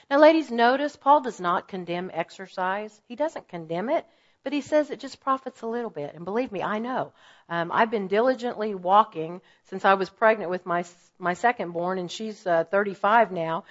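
A woman in her fifties, from Oklahoma, giving a women's ministry teaching talk in an earnest, animated way, with stories and asides. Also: mid-range voice, normal speed. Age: 50s. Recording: slightly dull, muffled audio.

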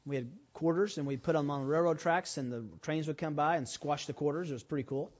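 A man preaching a sermon, telling a personal story and rising to loud, emphatic preaching. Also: fairly high pitch, fast talker, muffled recording. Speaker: pastor.

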